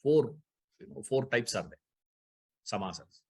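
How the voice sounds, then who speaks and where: A man's voice: medium pitch, very animated, a little slow, husky. A man teaching a scripture class, explaining Sanskrit grammar, repeating key terms and putting rhetorical questions to his listeners.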